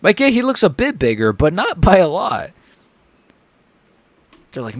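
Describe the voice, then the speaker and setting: A man giving casual, excitable live reaction commentary as a streamer, chatty and full of slang. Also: high voice, unhurried, pauses often, dry recording. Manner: chatty, excitable, lots of "like" and "bro".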